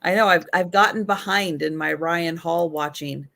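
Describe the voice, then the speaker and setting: A woman's voice: fairly low pitch, normal speed, vocal fry, fairly bright tone. A woman hosting a live vintage sale, chatting casually and rambling with restarts. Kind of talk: casual live-stream chat.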